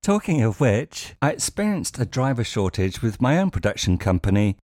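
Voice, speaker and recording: A man's voice: medium pitch, sing-song, moderate pace, darkish tone. A man telling wry stories in a monologue, now and then chuckling dryly. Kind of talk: anecdotal monologue.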